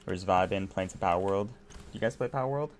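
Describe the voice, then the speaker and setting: A relaxed American man with a lowish voice chats with his viewers while he plays, rambling easily and breaking into laughs. Faint keyboard typing ticks along behind him. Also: quick pace, a little hiss or hum. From United States. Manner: laid-back, rambling, laughs often. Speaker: live streamer. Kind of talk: casual chat with viewers while gaming.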